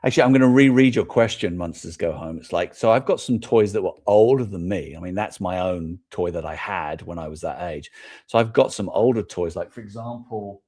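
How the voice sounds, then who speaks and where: A man's voice: low voice, fairly quick, a little mellow. A middle-aged man with an English accent, hosting a toy show in a loose, rambling live chat, thinking aloud and amused at himself. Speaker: toy podcast host. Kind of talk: casual live-stream chat.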